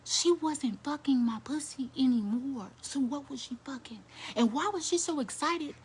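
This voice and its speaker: A young adult woman telling a blunt, crude story to her viewers in a casual, animated way. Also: high voice, normal speed, a little hiss or hum. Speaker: storyteller vlogger.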